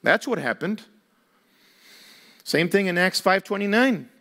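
High-voiced man preaching a sermon. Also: lively intonation, unhurried, fairly bright tone. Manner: emphatic preaching with rhetorical questions. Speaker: pastor.

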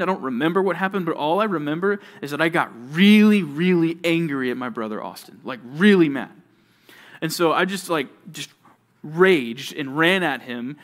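Youth pastor guy, voice a bit on the high side, lively storyteller preaching to middle schoolers. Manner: animated storytelling, addresses listeners directly. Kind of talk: sermon to junior high students.

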